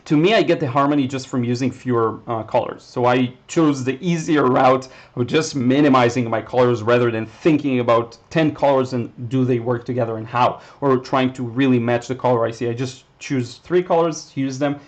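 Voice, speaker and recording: A man's voice: mid-range voice, normal speed, hardly any pauses, lo-fi sound. A man with an Israeli accent, a native Hebrew speaker, casually teaching watercolor on a livestream and answering chat questions, thinking aloud. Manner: relaxed, thinking aloud, with fillers and restarts. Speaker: watercolor instructor.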